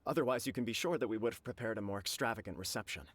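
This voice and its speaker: An actor playing a humble, earnest young clan leader in a video game, formal and a little bashful. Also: male voice, lowish voice, very fast, fairly bright tone.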